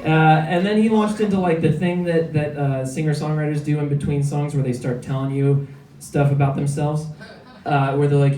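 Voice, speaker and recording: A man's voice: on the high side, flat delivery, a little fast, recorded from a distance. A male comedian performing a headline stand-up set in a comedy club, rambling and self-deprecating, with lots of hesitant fillers. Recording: echoey club, taped from afar, loud crowd. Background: audience laughter.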